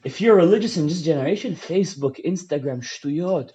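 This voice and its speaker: A man giving a fiery Torah lecture as a rabbi, swinging between loud outbursts and hushed asides, mixing English with Hebrew terms, on a dull lo-fi recording. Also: a little high, animated, a little fast. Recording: dull lo-fi audio.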